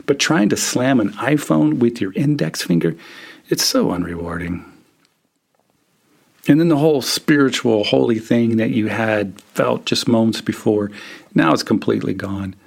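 Gravelly, husky man telling a story. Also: mid-range voice, expressive, moderate pace. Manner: vivid, wry storytelling with dry humor. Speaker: podcast host. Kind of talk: second-person storytelling monologue.

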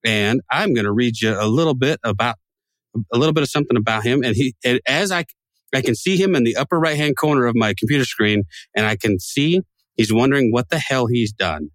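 A man's voice: medium pitch, fairly quick, no echo. A man co-hosting a casual podcast, joking and rambling, laughing often. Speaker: podcast co-host. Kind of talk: casual chat.

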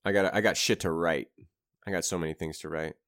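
A man hosting his own podcast, talking casually in a relaxed, rambling way with restarts and soft asides. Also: sits low, brisk. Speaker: podcast host and rapper.

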